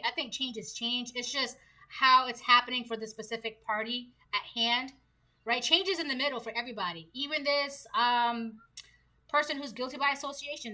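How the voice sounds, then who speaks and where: Give me a slangy, laughing woman reading tarot cards, with a high and very bright voice. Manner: chatty, laughs often, slangy asides. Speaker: tarot reader. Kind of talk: casual tarot reading to camera.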